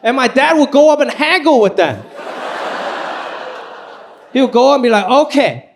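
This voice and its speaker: A man performing live stand-up comedy, telling stories with high energy. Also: normal speed, gravelly, crowd noise, noisy background. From Los Angeles. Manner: animated, high-energy storytelling. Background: audience laughing.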